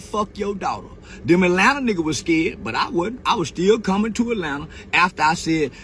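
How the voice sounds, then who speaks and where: A man's voice: very high-pitched, sharp tone, breathy edge. A man on a long mocking rant, taunting his target with jeers and animal noises. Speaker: commentator.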